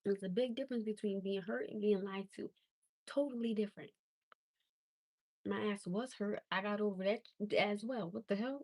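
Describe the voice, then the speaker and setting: This woman hosting a livestream is venting bluntly, her exasperation building into emphatic disbelief. She speaks at a moderate pace in a medium-pitched, slightly mellow voice, recorded dry.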